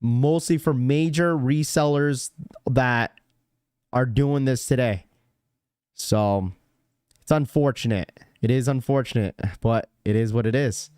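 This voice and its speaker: A man's voice: mid-range voice, slow pace, pauses often, a little mellow, clear, resonant tone, dry recording, clean studio sound. A young man hosting a casual livestream, reading out chat messages and rambling with lots of fillers and repeats. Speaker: livestream host.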